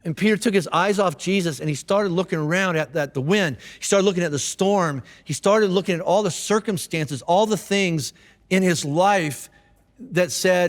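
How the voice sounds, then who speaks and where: A male pastor preaches in a casual, talky way and often restarts his phrases. His voice sits high for a man. It carries a long reverb from a large church hall. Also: normal speed. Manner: casual, conversational, repeats words. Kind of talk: sermon. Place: church auditorium.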